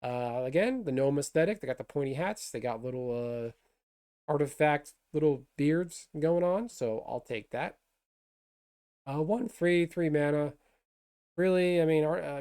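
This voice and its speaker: A man's voice: a little high, lively intonation, moderate pace, mellow. A man casually reviewing trading cards for a video, enthusiastic and rambling, with lots of fillers and restarts. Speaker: card game video host. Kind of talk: casual card review talk.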